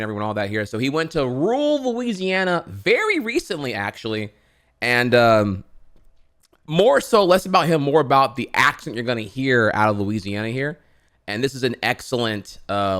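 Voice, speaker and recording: A man's voice: medium pitch, a bit bright. A man from Florida streaming casual reaction commentary, rambling with lots of fillers and swearing.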